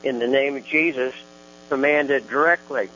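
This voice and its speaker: A male pastor hosts a faith radio program in a steady, encouraging way. His voice comes through dull and lo-fi, with a faint mains hum underneath. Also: medium pitch, moderate pace. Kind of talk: religious radio talk show.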